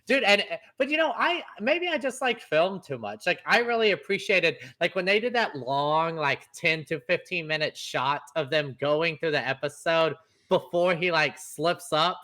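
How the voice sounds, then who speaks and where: A young man co-hosting a casual podcast, talking fast and animatedly with lots of fillers. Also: on the high side, lively intonation, pushed and bright. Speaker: podcast co-host. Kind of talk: casual chat.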